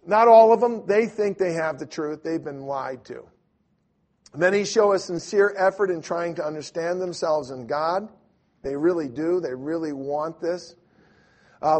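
A man preaching a sermon, telling stories conversationally with many fillers and restarts, acting out the people he quotes. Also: on the high side. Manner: animated storyteller acting out quoted voices. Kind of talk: sermon with storytelling.

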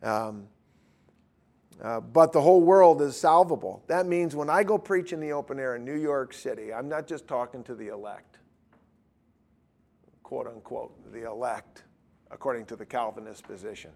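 A man's voice: mid-range voice, moderate pace, creaky, darkish tone. Male Bible teacher, informal and blunt, thinks aloud while he teaches. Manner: blunt, informal, self-interrupting.

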